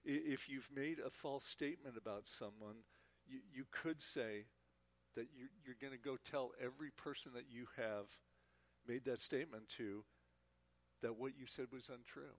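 A man's voice: medium pitch, normal speed. A man teaching a Bible class, speaking earnestly and often repeating words as he talks. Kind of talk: church teaching talk.

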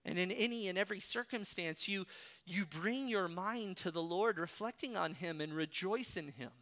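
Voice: mid-range voice, moderate pace, fairly bright tone. A preacher giving an expository sermon in an emphatic, exhorting way, with rhetorical questions.

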